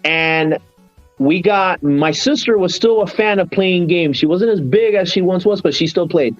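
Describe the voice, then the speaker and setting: Podcast host, man, animated nostalgic storyteller, dry dull lo-fi sound. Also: high-pitched, normal speed, dry recording, soft background music. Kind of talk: casual podcast chat.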